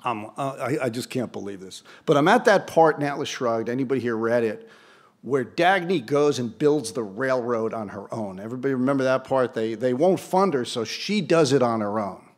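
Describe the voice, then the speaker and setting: A man in his sixties is speaking to an audience in an event hall, telling a story from the podium. His delivery is lively and conversational, and he breaks off for dry, self-deprecating asides. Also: medium pitch, moderate pace. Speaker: award ceremony speaker. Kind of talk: anecdotal speech to an audience.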